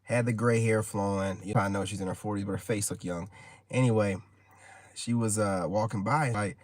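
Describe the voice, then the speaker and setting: A man's voice: lowish voice, normal speed, a little mellow, no echo, clean studio sound. A man in his forties, a content creator, telling a casual story in a rambling, slangy way full of "you know what I mean.". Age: 40s.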